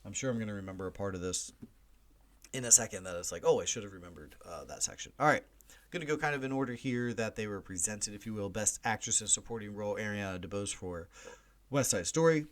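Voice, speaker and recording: A man's voice: lowish voice, quick pace. A man hosting a movie podcast, talking casually and animatedly, with chatty jokey asides and big swings for emphasis. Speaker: podcast host.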